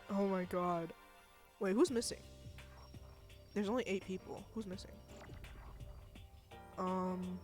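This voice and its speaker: Streamer, live game reading, emotional and expressive, quick exclamations, faint music behind. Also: medium pitch. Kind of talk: reading a visual novel aloud on a live stream.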